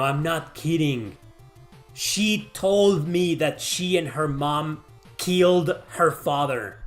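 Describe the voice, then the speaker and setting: A man's voice: fairly high pitch, fairly bright tone. A man casually answering chat questions on a livestream, rambling and swearing freely.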